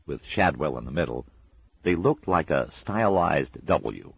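A man narrating a storybook in a measured, dry and expressive way. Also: rumbling low, creaky, husky, no echo, highs cut off. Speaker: audiobook narrator.

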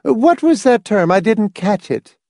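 A man voicing a fussy, vacant middle-aged woman hostess in a high, flustered voice. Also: big pitch swings, unhurried, warm tone, no room sound, studio quality, heavily acted. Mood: fluttery.

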